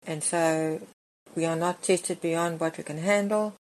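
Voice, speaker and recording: A woman's voice: on the low side, steady tone, a little slow, darkish tone. A middle-aged woman preaching a sermon, earnest and emphatic as she reads and explains scripture.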